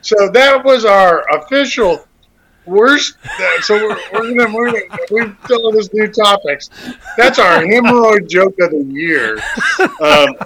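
A man's voice: high-pitched, measured pace, fairly bright tone, rough recording. A man hosting a casual talk show, rambling with crude jokes and many restarts. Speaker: radio show host.

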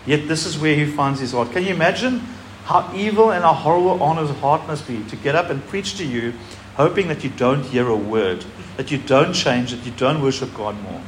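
A man's voice: a little high, expressive, moderate pace, a little hiss or hum. A man pastor giving a sermon, reading scripture aloud with emphasis and speaking animatedly to a congregation.

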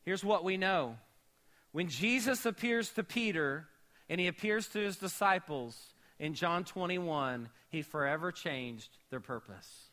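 A man pastor preaching a sermon, animated, moving between shouting and hushed storytelling. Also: sits high, a little slow.

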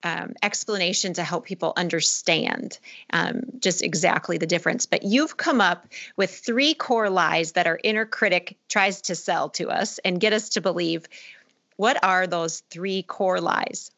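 A woman hosting a faith podcast, speaking in an affirming, energetic way. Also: lowish voice, measured pace, gravelly. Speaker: podcast host. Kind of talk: faith-based podcast conversation.

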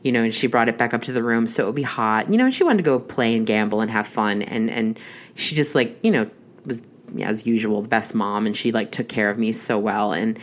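A woman's voice: a bass voice, brisk. A young adult woman telling a long, rambling personal story in casual chat, with many restarts and fillers. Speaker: horror podcast host.

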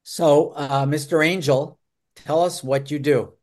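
A man's voice: on the high side, steady tone, a little slow. Man hosting a business interview show. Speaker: host. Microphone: video call.

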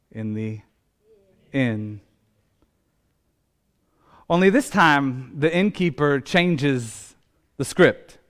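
A man's voice: medium pitch, clear, resonant tone. A man, a pastor telling a self-deprecating personal story in a sermon. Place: church sanctuary.

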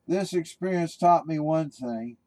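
An earnest, loyal male German shepherd, played by a man with a plain, sincere way of speaking. The tone is warm and mellow, a little high. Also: unhurried, no room sound, natural voice, low-quality recording. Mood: firm.

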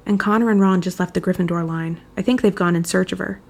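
A calm, unyielding boy wizard, as a woman reading a storybook gives him voice, speaking softly and with firm patience. His tone sits low and gravelly, and each line lands quiet and final. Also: fast.

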